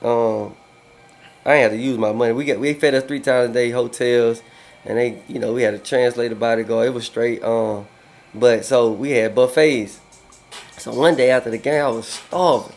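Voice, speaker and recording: Animated laughing man telling stories. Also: mid-range voice, moderate pace, creaky, faint music behind. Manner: animated, laughing often, swears freely. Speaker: podcast guest. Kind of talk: casual storytelling.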